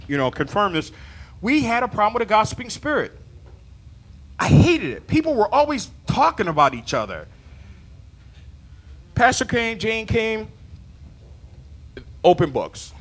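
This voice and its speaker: A man preaching a sermon to his church, animated and laughing, acting out his talks with God. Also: high voice. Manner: animated, acts out dialogue with God, laughs often.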